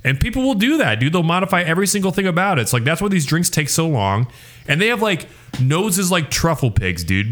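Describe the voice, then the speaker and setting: Ranting young man with hiccups. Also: mid-range voice. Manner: animated, ranting. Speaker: podcast co-host. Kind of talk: casual sports podcast chat.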